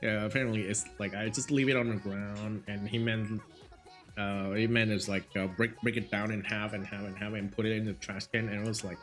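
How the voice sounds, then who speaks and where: A man's voice: lowish voice, level tone, fairly quick, a bit bright. A young man speaking English as a second language with a Vietnamese accent, streaming and telling a rambling story full of fillers and restarts. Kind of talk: casual chat. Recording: faint music behind.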